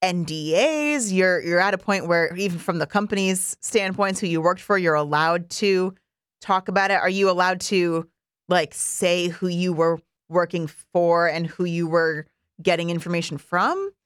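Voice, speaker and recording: A woman's voice: fairly low pitch, moderate pace, smooth, no echo, studio quality. A woman hosting a news radio interview, asking questions in a casual way with fillers.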